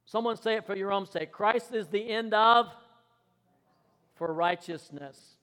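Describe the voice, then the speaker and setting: A male pastor with a notably high voice preaches in a church hall, and his words ring out with a long reverb. He calls out questions for the congregation to answer and swings from soft, murmured asides to loud declarations. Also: unhurried. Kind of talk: sermon. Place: church sanctuary.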